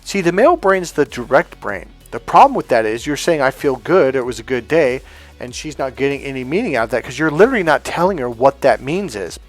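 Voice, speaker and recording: A man's voice: mid-range voice, big pitch swings, quick pace, hardly any pauses, soft background music. A man coaching other men on dating in a blunt, profane, casual monologue, acting out quotes as he goes.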